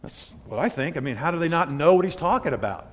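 A man in his sixties preaching a sermon, moving between loud emphatic peaks and hushed, quiet asides. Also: a little high, animated, quick pace. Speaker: pastor. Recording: long hall reverb.

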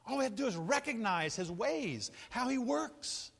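Animated older preacher, high lively voice. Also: male voice, normal speed, vocal fry, slightly rough, big-room sound. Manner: animated, jokey, laughs often, acts out quotes. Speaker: pastor. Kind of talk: sermon.

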